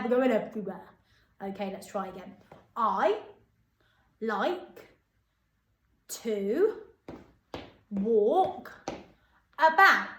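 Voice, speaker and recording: A woman teaching a phonics lesson to young children in an upbeat, encouraging way, slowly spelling words out letter by letter. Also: a little high, fairly bright tone. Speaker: primary school teacher. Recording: echoey room.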